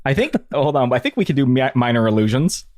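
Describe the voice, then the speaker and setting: A man's voice: medium pitch, lively intonation, quick pace, a little mellow, no echo, studio quality. A man playing a tabletop role-playing game, chatting playfully and laughing often. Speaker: player.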